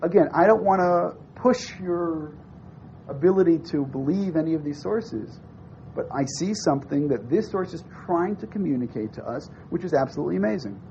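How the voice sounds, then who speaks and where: A man teaching a class in a fairly high voice, swinging up and down as he acts out a story's dialogue. He keeps asking his listeners questions. The recording is dull and lo-fi, with a faint hiss under it. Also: moderate pace, vocal fry. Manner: animated, acts out dialogue with rising and falling voice; asks the audience questions. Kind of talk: lecture with storytelling.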